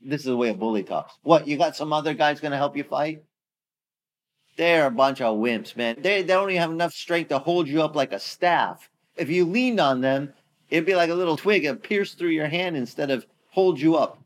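A man preaching in a relaxed, animated way and retelling scripture in casual slang. His voice sits a little higher than most men's and he switches easily between storytelling and direct address. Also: brisk. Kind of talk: sermon.

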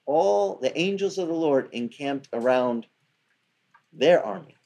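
A man's voice: mid-range voice, expressive, a little slow, mellow. A man preaching, retelling a scripture story in a loose, conversational way. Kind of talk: sermon.

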